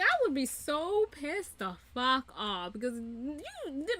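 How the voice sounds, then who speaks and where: A woman's voice: sits high, slow, few pauses. A woman hosting a reaction video, ranting casually and animatedly with a lot of swearing. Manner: profane, animated, laughing rants.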